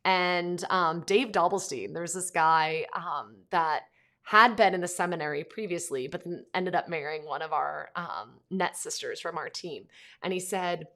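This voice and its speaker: A woman's voice: lowish voice, moderate pace, pushed and bright. A woman in her thirties hosting a casual faith podcast, talking straight to listeners in a chatty way with many fillers, and reading out their comments. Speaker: podcast host.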